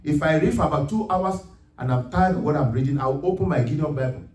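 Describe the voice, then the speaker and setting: A male pastor preaching a sermon, rising to emphatic shouts as he reads scripture. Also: on the high side, animated, quick pace. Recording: echoey room, mic at a distance.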